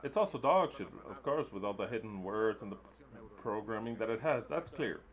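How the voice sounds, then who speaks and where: A man's voice: on the low side, brisk. A man interpreting a sermon into English live, emphatic and repetitive, with blunt wording.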